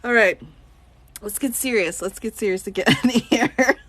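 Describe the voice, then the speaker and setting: Speaking a little slowly in a high-leaning, somewhat bright voice, this woman is an attorney on a relaxed live stream. She giggles a lot as she reads out chat questions and answers them, and the recording is dry.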